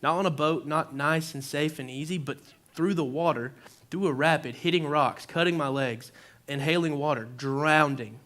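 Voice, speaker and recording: A man's voice: fairly high pitch, normal speed, hardly any pauses, fairly bright tone. A young man giving an informal sermon, telling a personal story in a conversational way, full of "like" and acted-out reactions. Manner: conversational, lots of "like", acts out his own reactions. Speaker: preacher. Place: church.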